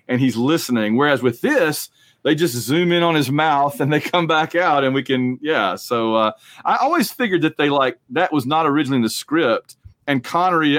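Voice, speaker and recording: A man co-hosting a casual movie podcast, talking in a rambling, jokey, animated way. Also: medium pitch, no echo. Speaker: podcast co-host.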